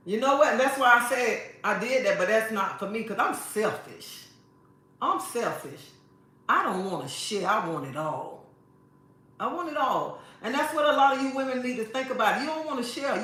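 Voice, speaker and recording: In a very echoey room, a woman hosts a livestream, talking casually to viewers in a sassy, preachy way and repeating her phrases. Her voice is on the high side, bright and forceful.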